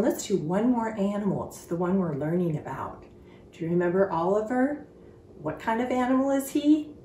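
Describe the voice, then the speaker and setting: A woman teaching a children's phonics lesson, speaking slowly and clearly, stretching out sounds in an encouraging way. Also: mid-range voice, expressive, warm tone, reverberant, distant mic, slight background noise. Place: sitting on a stool in a room.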